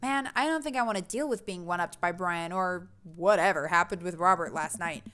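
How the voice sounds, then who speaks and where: A woman's voice: on the low side, a little fast, fairly bright tone, slight background noise. A woman streaming a game, playfully reading the narration and chatting. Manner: playful, reads narration aloud. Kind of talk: game let's play narration.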